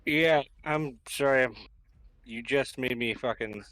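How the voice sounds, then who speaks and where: A man's voice: medium pitch, slow pace, sharp tone. A man playing a tabletop game, mumbling while looking something up. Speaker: player. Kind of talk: casual tabletop play.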